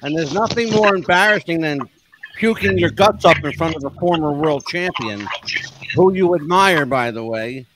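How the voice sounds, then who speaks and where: A man's voice: on the high side, lively intonation, moderate pace. A man hosting a podcast interview, telling stories with emphasis in casual chat. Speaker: podcast host. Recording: noisy podcast recording.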